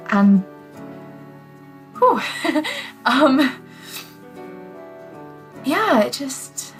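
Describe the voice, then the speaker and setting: A woman's voice: high-pitched, sing-song, extremely slow, faint music behind. A young British woman speaking candidly and hesitantly to her camera, with many fillers. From Britain. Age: young adult. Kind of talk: self-filmed documentary confession.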